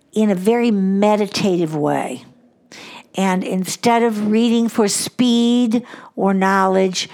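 A woman's voice: mid-range voice, darkish tone. An older woman hosting a devotional podcast, talking in an earnest, reflective way and repeating words for emphasis. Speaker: podcast host.

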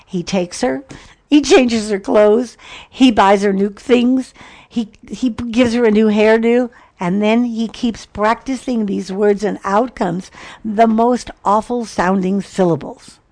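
Gravelly-voiced woman hosting a podcast. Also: mid-range voice, steady tone, slow, darkish tone, no echo. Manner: reflective, storytelling. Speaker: podcast host. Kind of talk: podcast talk. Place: studio.

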